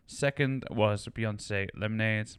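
A man co-hosting a podcast, chatting casually, his lines often trailing off quietly. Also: fairly low pitch, slow, smooth, no echo, clean studio sound. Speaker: podcast co-host. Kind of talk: casual chat.

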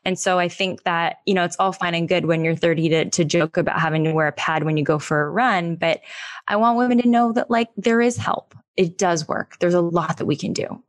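A woman with a fairly low voice explains in lively, animated bursts. The sound is dry and close, with no room around her. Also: fairly quick, no room sound. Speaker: pelvic health expert guest. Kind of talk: casual interview chat.

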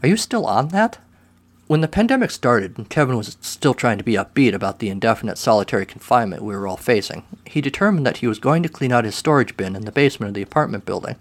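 A man reading a first-person short story aloud in a dry, wry way. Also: mid-range voice.

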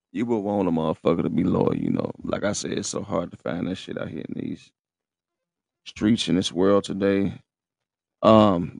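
A man talks in a loose, rambling, profane street-slang monologue. His voice sits low and has a rough, gravelly edge. The sound is dry and close, with no room around it. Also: dry recording. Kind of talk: casual monologue to camera.

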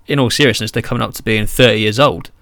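A man's voice: fairly low pitch, fairly even intonation, fast, gravelly, fairly bright tone, no echo, clean studio sound. A British man co-hosting a podcast, chatting in a rambling, filler-heavy way and bantering with his friend. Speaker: podcast co-host. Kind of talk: casual chat.

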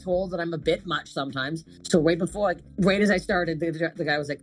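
A woman's voice: lowish voice, a little fast, hardly any pauses, breathy edge. A woman comic actress chatting casually, telling stories animatedly with laughs and swearing. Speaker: comedic actress, guest. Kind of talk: casual chat.

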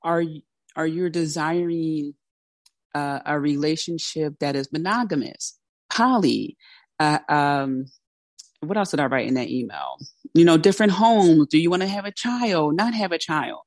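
A woman's voice: low-pitched, measured pace, darkish tone, dry recording, studio quality. A woman hosting a motivational podcast who coaches listeners in a direct, candid, conversational way. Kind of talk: motivational solo talk.

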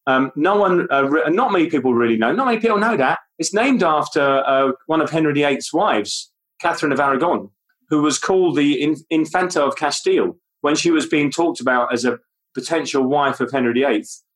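A man's voice: on the high side, expressive, a little fast, fairly bright tone, low-quality recording. A man co-hosting a podcast, talking casually about films in a rambling, self-deprecating way with plenty of ums and uhs. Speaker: podcast co-host. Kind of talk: casual film chat.

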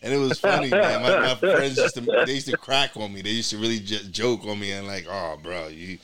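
A man's voice: mid-range voice, fairly quick, a loud crowd. A man from New York hosting a podcast in casual chat, rambling with many restarts and repeated words. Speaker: podcast host.

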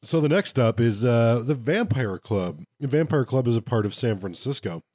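A man's voice: medium pitch, lively intonation, moderate pace, darkish tone, no echo, studio quality. A man co-hosting a podcast who reviews game books in casual chat and gives blunt opinions with plenty of fillers.

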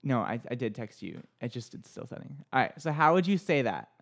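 A man's voice: medium pitch, sing-song, fairly quick, vocal fry, fairly bright tone. A young man hosting a radio show in a studio, chatting loosely with many fillers and stumbling over words as he reads entertainment news. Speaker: radio host. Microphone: studio microphone.

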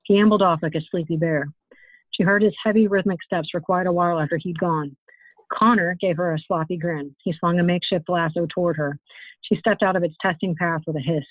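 A woman's voice: fairly low pitch, steady tone, fairly quick, no echo. Woman author reading fantasy aloud, tinny. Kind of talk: reading her own novel aloud. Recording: tinny phone-like, dry sound.

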